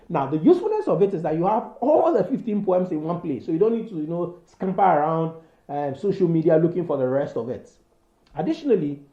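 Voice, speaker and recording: A man's voice: on the high side, dark tone. A man teaching a poetry lesson, talking loosely with many fillers and restarts. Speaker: English literature teacher. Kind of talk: spoken poetry analysis lesson. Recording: roomy, dull lo-fi recording.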